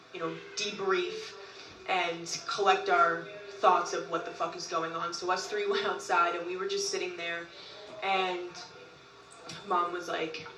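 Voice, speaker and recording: A woman telling a long story in casual talk, animated, often laughing and acting out what others said. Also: fairly low pitch, distant mic. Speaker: group member recounting events. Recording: roomy, from off-mic.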